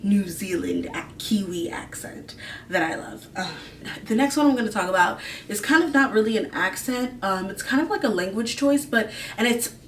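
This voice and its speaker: A woman's voice: mid-range voice, expressive, moderate pace, slight background noise. A woman host chatting casually to camera, rambling with lots of fillers and gushing about what she likes. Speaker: video host. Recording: roomy room, mic at a distance.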